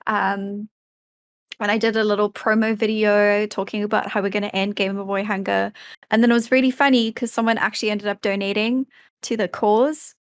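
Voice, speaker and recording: A chatty woman guest on a podcast with a mid-range voice. She tells her stories in a relaxed, amused way, and the recording is close and dry with no room sound. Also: mid-range voice, a little fast, no room sound. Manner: laid-back, amused, chatty. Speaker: streamer guest. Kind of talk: casual interview chat.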